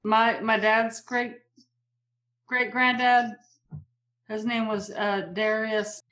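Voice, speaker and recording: A woman's voice: a little high, level tone, slow pace, a bit bright. A woman co-hosting a podcast, chatting casually in a blunt, opinionated way and swearing freely. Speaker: podcast co-host. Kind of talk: casual chat. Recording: echoey room.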